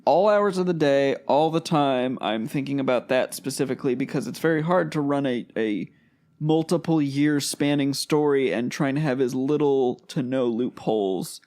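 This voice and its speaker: A man's voice: mid-range voice, normal speed, darkish tone. A man co-hosting a podcast who runs tabletop games, talking casually and hesitantly, often restarting his sentences. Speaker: podcast co-host, tabletop game master. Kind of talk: casual chat.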